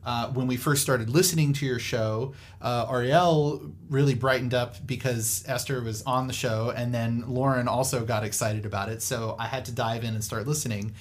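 Guy cohosting a podcast, rambly, lots of uhs and restarts, regular pitch. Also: fairly even intonation, moderate pace, few pauses. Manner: rambling, many fillers and restarts. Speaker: podcast co-host. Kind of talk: casual panel chat.

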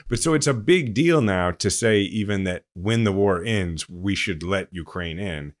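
A man hosting a podcast, explaining political news in a relaxed, chatty way. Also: lowish voice, moderate pace, hardly any pauses. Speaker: podcast host. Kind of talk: casual political commentary.

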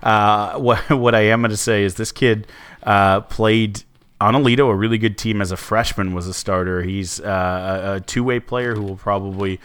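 A man's voice: on the low side, fairly even intonation, moderate pace, fairly bright tone, clean tone. A man co-hosting a casual sports podcast, rambling with many restarts and fillers. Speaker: co-host.

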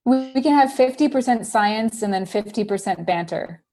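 A woman scientist on a podcast, talking at a middle pitch in a quick, explanatory way. Her tone is relaxed and chatty. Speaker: guest scientist. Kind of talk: casual interview chat.

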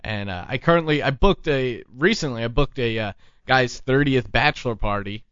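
A man's voice: medium pitch, lively intonation, moderate pace, a bit bright, clean tone, no echo, dull audio. A man hosting a casual talk show, telling rambling stories with plenty of restarts. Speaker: podcast host. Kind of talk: casual chat.

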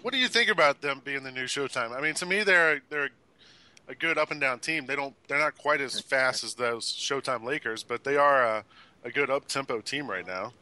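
Guy hosting a hoops podcast, bright tense voice, easygoing, laughs a lot. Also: mid-range voice, normal speed, dry recording. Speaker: podcast host. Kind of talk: casual sports chat.

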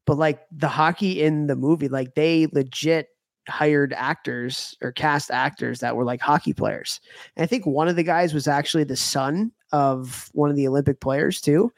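In a casual podcast chat, a male co-host rambles along at normal speed, filling his talk with fillers and restarts. His voice is slightly high, and there's no room sound.

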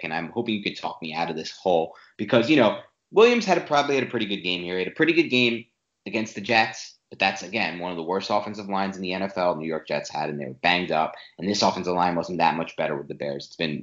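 A man co-hosting a sports podcast, making an opinionated, animated case with rapid-fire arguments. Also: low voice. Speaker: podcast co-host. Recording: echoey room, dull lo-fi sound.

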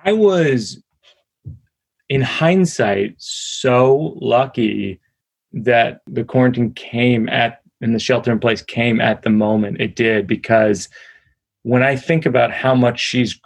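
A man's voice: mid-range voice, takes it slowly, vocal fry, husky, dry recording. Joking man, dry close sound. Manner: chatty, joking, self-deprecating. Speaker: comedian guest. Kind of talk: casual interview chat.

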